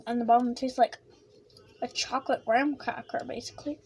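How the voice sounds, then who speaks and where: A woman vlogging a casual snack taste-test, excitable and giggly, chatting while she eats with her mouth full. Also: a little high, brisk, a little hiss or hum.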